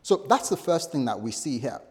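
A man's voice: medium pitch, sing-song, brisk, darkish tone. A male pastor delivering a sermon, telling stories animatedly and acting out the voices he quotes. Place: church hall. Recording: long hall reverb.

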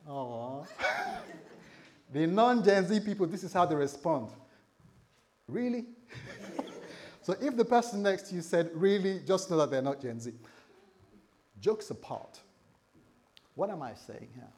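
A man's voice: a little high, expressive, normal speed, long pauses, darkish tone, slight background noise. A man preaching a sermon, joking with a laughing congregation and leading them in prayer. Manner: playful, jokes with the congregation. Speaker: pastor.

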